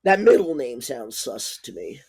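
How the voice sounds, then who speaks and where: A man's voice: mid-range voice, sing-song, unhurried, vocal fry, a little mellow, slightly rough. A man guesting on a podcast, laughing a lot and blurting out answers with casual swearing.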